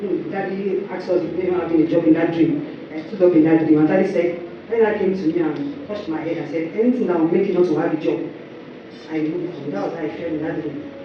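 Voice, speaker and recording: In a church hall, a young Nigerian woman with a Nigerian English accent rushes through her testimony at a fast pace, acting out what people said and going high when excited. The audio is muffled, distant and echoey, with noise in the background.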